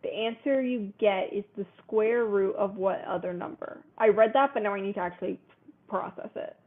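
A woman co-hosts a relaxed quiz chat, reading the questions out and laughing a lot. Her voice is mid-pitched and her pace moderate, and the recording has a thin, phone-like tinniness.

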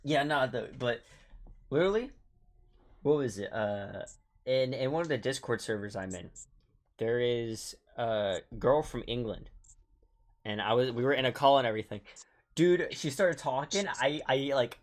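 A man's voice: medium pitch, moderate pace. A young man hosting a casual podcast chat, rambling and laughing often. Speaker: podcast host.

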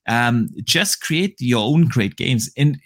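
A man's voice: medium pitch, expressive, slow pace, a bit bright. A man hosting a gaming podcast, enthusiastic and casual, often repeating words while he thinks. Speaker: host.

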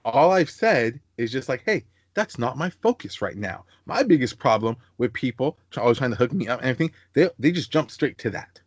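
A young man hosting a casual podcast chat, telling animated stories and slipping into high-pitched voices for the people he quotes. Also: brisk, hardly any pauses, breathy edge, dry recording. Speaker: podcast host.

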